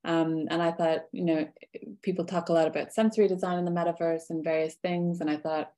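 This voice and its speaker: A woman's voice: fairly low pitch, fairly even intonation, brisk, warm tone. A woman speaking as a guest on a podcast interview, talking earnestly and thoughtfully, laughing easily.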